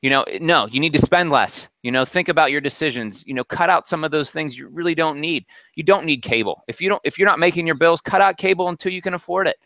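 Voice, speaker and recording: A man presents a motivational talk over a video call, his voice bright and cutting. He speaks with a preacher's energy, scattering fillers as he pushes his point. The sound is dry and close. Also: fairly high pitch, fast, hardly any pauses, no echo.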